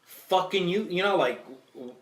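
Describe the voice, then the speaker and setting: A man's voice: high voice, lively intonation, a little slow, a bit bright. Man host swearing through a story, casual podcast chat, echoey room, mic at a distance. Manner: profane, storytelling.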